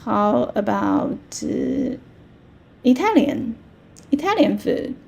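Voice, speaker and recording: A woman teaching a language lesson, repeating words slowly and checking that learners follow. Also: medium pitch, huge pitch swings, a little mellow. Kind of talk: slow, patient language lesson.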